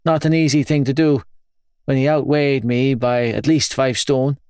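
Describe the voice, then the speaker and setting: A man narrating a first-person audiobook in a grave, measured, intense manner. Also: mid-range voice, fairly even intonation, a little mellow, smooth, dry recording.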